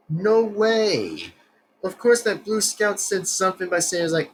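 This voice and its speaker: Guy reacting to a video, kinda high voice, talks slow and rambly, little bit of hiss behind. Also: big pitch swings, poor audio. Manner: rambling, searching for words. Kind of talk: casual reaction commentary.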